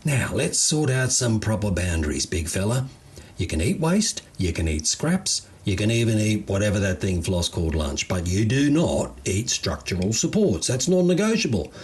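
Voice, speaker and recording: Here is an unflappable Australian gardener bloke with a low, drawling voice that rises and falls freely as he talks, as a man puts him on. He stays easygoing and slangy, never rattled. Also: very animated, normal speed, slightly rough, full character voice.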